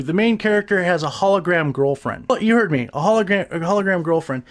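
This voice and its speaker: High-voiced, profane podcast ranter. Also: male voice. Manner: profane, animated, exaggerated. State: briefly out of breath. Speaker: podcast host. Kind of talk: casual ranting review.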